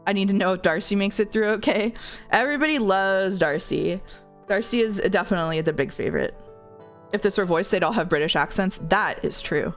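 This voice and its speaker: A woman's voice: mid-range voice, fairly quick, soft background music. A woman streamer chatting casually while playing a game demo, rambling with fillers and self-corrections. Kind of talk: casual gameplay commentary, reading dialogue aloud.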